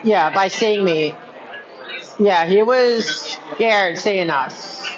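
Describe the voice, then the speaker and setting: Someone chats casually on a live stream, rambling with lots of "like," fillers, and restarts. The mid-range voice is extremely slow, with music in the background, and the recording is muffled with crowd chatter behind.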